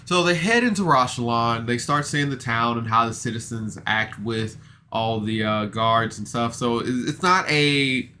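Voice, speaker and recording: A man's voice: mid-range voice, a little slow, pushed and bright, a little hiss or hum. A man recapping a podcast episode in a casual, rambling way, self-deprecating and full of fillers and restarts. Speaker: podcast reviewer.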